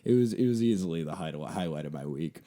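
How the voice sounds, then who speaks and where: A man's voice: sits low, animated, quick pace, mellow, no room sound. A man hosting a podcast, delivering a profane, rambling comedic monologue full of fillers. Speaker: podcast host.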